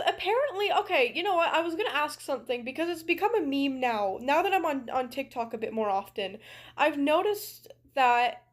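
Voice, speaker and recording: A young woman with a Canadian accent, chatting casually while streaming a game, rambling with lots of "like" fillers. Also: high-pitched. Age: young adult. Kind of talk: casual chat while gaming.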